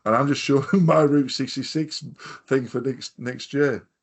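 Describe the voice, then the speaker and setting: A man's voice: mid-range voice, steady tone, moderate pace. A man with a Hartlepool accent from North East England, hosting a casual podcast and telling long, rambling stories with plenty of swearing. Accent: North East English, Hartlepool. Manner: rambling anecdotal storyteller, swears freely. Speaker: podcast host. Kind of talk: casual chat.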